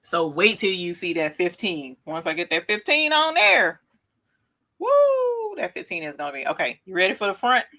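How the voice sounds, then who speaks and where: Brief: woman, 40s, excitable craft-stream host with a bright, lively voice that swoops up when she gushes. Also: lowish voice, a little fast, hardly any pauses. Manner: gushing, excitable exclaiming; talks straight to viewers as "y'all". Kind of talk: casual live-stream chat.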